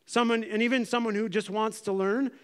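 High-voiced male pastor preaching. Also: steady tone, a little fast, clear, resonant tone. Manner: conversational, uses props and questions the congregation. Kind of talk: sermon. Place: church.

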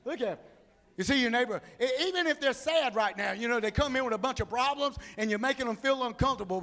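A man preaching a humorous sermon, telling animated stories and acting out the people in them. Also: very high-pitched, fast talker. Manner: animated storytelling, acts out people.

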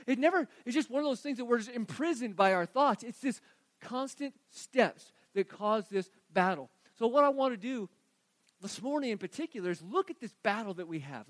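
High-voiced man preaching a sermon. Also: no room sound. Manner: earnest preaching, swings from quiet reading to emphatic rising delivery. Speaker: pastor.

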